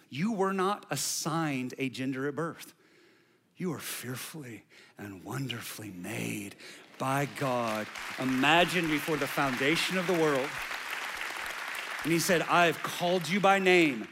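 A male pastor delivers a sermon with a bright, slightly high voice. He talks to the congregation as if in conversation and checks in with them. His energy swings from loud, emphatic bursts to quiet, low lines.

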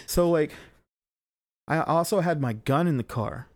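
A man's voice: on the high side, a little slow, dry recording. A young man telling a long story in casual podcast chat, rambling with many fillers and frequent swearing.

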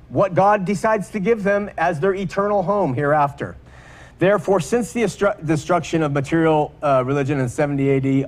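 A man preaching a sermon, emphatic, repeating words for stress and slowing down on key points. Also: a little high.

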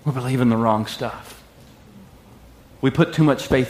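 Animated preaching man in an echoey room. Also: mid-range voice, a little slow, pauses often. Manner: animated preaching with call-and-response and sung lines. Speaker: pastor. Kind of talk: sermon.

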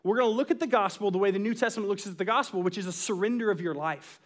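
Young pastor, tenor-high man preaching with animated storytelling. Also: rapid-fire. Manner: storytelling with animated asides, acts out quotes. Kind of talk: sermon.

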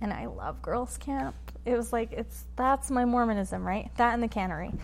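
Animated woman telling a personal story. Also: on the high side, gravelly, slight background noise. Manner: animated, quick storyteller who acts out quotes. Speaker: podcast guest. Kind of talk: conversational storytelling interview.

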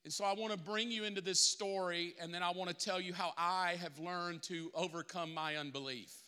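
Middle-aged male preacher, high clear voice, raw confessional intensity, church sanctuary echo. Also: steady tone, brisk, bright, forceful tone. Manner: emotional, confessional preaching that builds to impassioned peaks. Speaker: pastor. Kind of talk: sermon.

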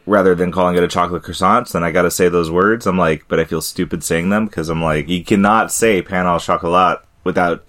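A man co-hosting a podcast, talking in a relaxed, chatty way and laughing often. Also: deep voice, fairly quick, few pauses. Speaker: podcast co-host. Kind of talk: casual chat.

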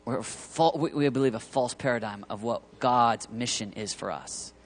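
A man preaching a sermon to a ministry team, impassioned and rising to near-shouting peaks, acting out quoted voices. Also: medium pitch. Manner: acts out quoted voices and awkward pauses. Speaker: pastor leading a ministry tour team.

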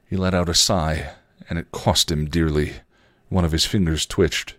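A man hosting a podcast, reading a story aloud in a steady, even way. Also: low voice, moderate pace, hardly any pauses, no echo, clean studio sound. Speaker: podcast host and story reader. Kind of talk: storytelling narration.

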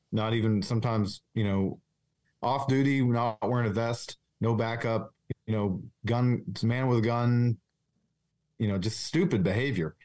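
A man with a somewhat low voice speaks as a guest in a candid interview. His delivery is earnest and confessional. He halts often, restarting phrases and leaning on fillers. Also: a little mellow. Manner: halting, with many restarts and fillers. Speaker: police officer, podcast guest.

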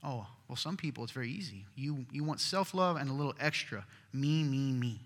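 A male pastor preaching a sermon in an earnest, conversational way, swinging from loud to hushed. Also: mid-range voice, expressive, brisk. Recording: long reverb of a large hall.

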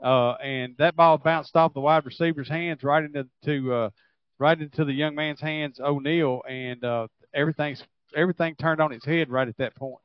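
A man giving color commentary on a high school football game in a folksy, halting way with plenty of fillers. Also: steady tone, no echo, dull audio.

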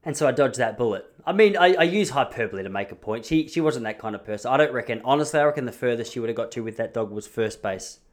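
A man's voice: mid-range voice, lively intonation, fast talker, few pauses. A man in his thirties with an Australian accent, telling rambling, self-mocking comic stories in a casual chat. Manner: rambling, self-mocking, often restarts phrases.

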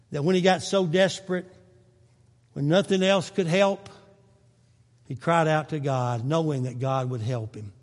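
A man preaching a sermon, swinging from quiet, low passages to loud, urgent ones, with folksy asides. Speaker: pastor. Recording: long reverb of a church hall.

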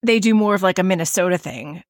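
A woman's voice: on the low side, fast talker, no echo, clean studio sound. Earnest Midwestern woman in casual chat. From American Midwest. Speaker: podcast co-host.

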